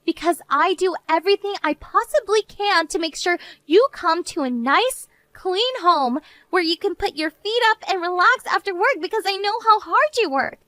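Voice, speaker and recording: A woman's voice: very high voice, normal speed, hardly any pauses, dry recording. A woman voicing a worn-out young wife and mother who argues earnestly with her husband. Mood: pleading. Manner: earnest, pleading, then flat and resigned. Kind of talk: animated story narration.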